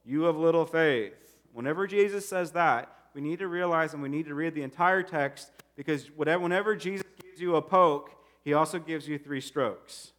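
Casual thirties male pastor, fairly high voice, chatty animated sermon. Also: fairly quick, few pauses. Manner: conversational, animated with acted-out quotes.

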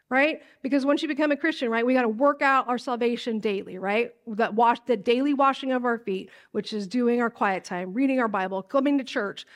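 A woman pastor teaching a sermon from scripture in a casual way, acting out lines in a livelier voice. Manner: casual, animated, acts out lines in a high voice.

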